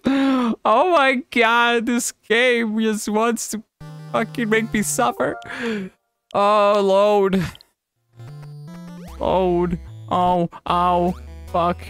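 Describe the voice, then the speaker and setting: A gaming channel host gives live let's play commentary over soft background music, often frustrated, swearing, laughing at himself, and sometimes pleading with the game. His voice is high and fairly bright with fairly even intonation, and he talks extremely slowly with long pauses.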